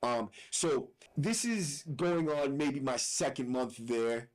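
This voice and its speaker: A man's voice: mid-range voice, takes it slowly, low-quality recording. Blunt, profane man telling a story. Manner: profane, blunt, with frequent "right?" asides. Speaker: podcast host. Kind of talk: casual storytelling.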